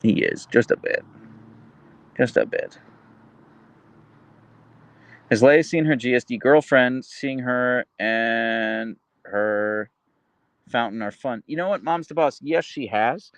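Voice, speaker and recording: A man's voice: mid-range voice, measured pace, dry recording. A man hosting a casual livestream, cooing at his dog in baby talk and reading viewer comments aloud while holding the camera. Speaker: livestream host. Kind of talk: casual livestream chat with pet. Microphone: handheld phone camera.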